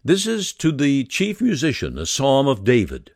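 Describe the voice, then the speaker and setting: A man giving a devotional sermon, reading scripture and leading a prayer in a slow, earnest, measured way. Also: mid-range voice, huge pitch swings, creaky, a little mellow, dry recording, studio quality. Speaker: preacher.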